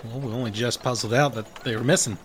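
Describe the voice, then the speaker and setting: A man voicing a high-strung, blustering cattle rancher with a put-on western rural drawl, swearing and stumbling over his words. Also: steady tone, fast, slight background noise, close to an everyday voice. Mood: indignant.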